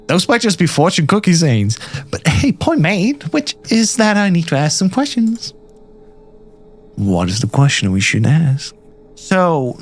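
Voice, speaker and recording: A man streaming and chatting casually about a game, giggly and self-deprecating. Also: medium pitch. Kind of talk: casual gameplay commentary.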